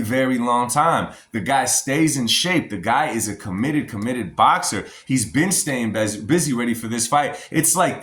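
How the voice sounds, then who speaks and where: An American man talks in a casual, emphatic vlog style and keeps addressing his viewers directly. His voice sits at an ordinary middle pitch. The sound carries a noticeable room echo. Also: a bit bright. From United States. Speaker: boxing commentary vlogger.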